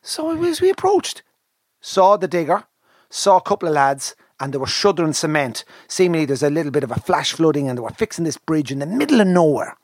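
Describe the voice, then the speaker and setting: A man with an Irish accent telling a lively anecdote in a casual chat, acting out the people he quotes. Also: fairly high pitch, fairly quick, no echo. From Ireland. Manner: animated, acts out the people he quotes, lively repetitions. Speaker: TV presenter telling a story. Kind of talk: casual anecdote, conversational storytelling.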